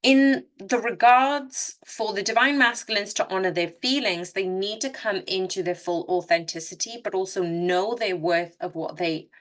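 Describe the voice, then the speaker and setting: A tarot reader gives a casual, unscripted reading, speaking earnestly and straight to her listeners while often restarting and correcting herself. Her voice is medium-pitched, at a normal speed with few pauses.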